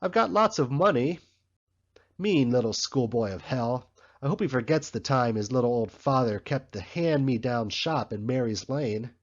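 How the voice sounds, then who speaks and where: A man voicing a bustling, grumbling male election canvasser in a storybook reading, with a husky, slightly muffled sound. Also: mid-range voice, expressive, close to an everyday voice. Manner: brisk, grumbling, complaining.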